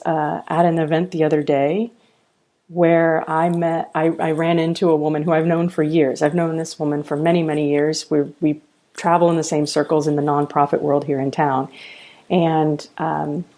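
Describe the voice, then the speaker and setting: A middle-aged woman, a college founder, telling earnest stories in a podcast interview. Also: low voice. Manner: earnest, animated storyteller.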